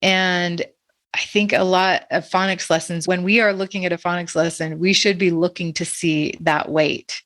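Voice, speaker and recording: A woman with a lower voice talks through teaching ideas on a podcast, posing questions and laughing lightly now and then. Her voice is close and dry, with no room sound. She sounds like a literacy educator thinking out loud. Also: fairly even intonation, moderate pace, no room sound. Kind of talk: casual podcast discussion.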